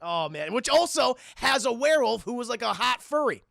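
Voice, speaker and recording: A young man streaming a casual, profane cartoon recap to his live chat, rambling and slipping into quick voices for the characters. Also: extremely high pitch, sing-song, creaky, bright, forceful tone, dry recording, studio quality.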